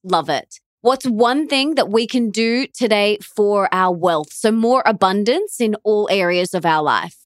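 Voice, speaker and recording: A woman's voice: medium pitch, a little slow, hardly any pauses, no echo. A woman hosting a podcast interview, effusive and affirming toward her guest. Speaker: podcast host.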